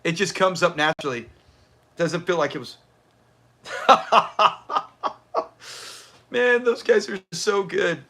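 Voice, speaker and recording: A man hosts a live watch party, talking casually and reacting as he goes. His voice sits a little high and has a bright, forceful edge. He laughs often and answers viewers from the chat. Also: takes it slowly, pauses often. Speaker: livestream host.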